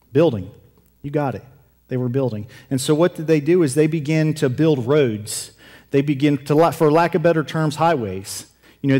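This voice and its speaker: A man's voice: fairly high pitch, darkish tone, long reverb tail. A man preaching a sermon in a conversational, joking way, correcting himself and asking the congregation questions. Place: church.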